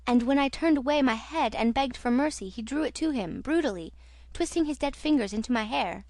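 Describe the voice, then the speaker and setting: Expressive woman reading a horror audiobook. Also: high voice, fairly quick, no room sound. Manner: expressive, theatrical. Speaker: audiobook narrator.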